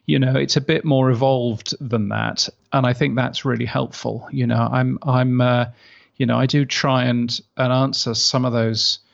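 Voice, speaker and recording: Gravelly-voiced British man, lo-fi line. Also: medium pitch, little pitch movement, normal speed. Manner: hesitant, many restarts and "you know"s. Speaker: podcasting industry guest. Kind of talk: conversational interview.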